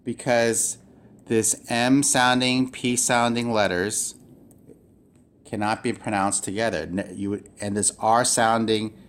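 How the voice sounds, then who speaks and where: A male teacher giving a recorded lesson, talking haltingly with many fillers and restarts and sounding words out slowly. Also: on the low side, little pitch movement, a bit bright, clean tone. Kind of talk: recorded classroom lecture.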